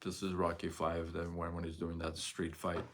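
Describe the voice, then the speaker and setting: A man's voice: sits low, completely flat delivery, normal speed, a bit bright, a little hiss or hum. A middle-aged man hosting his own livestream, talking candidly and rambling to viewers with frequent restarts and chuckles. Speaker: live-stream host. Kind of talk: casual livestream talk to viewers.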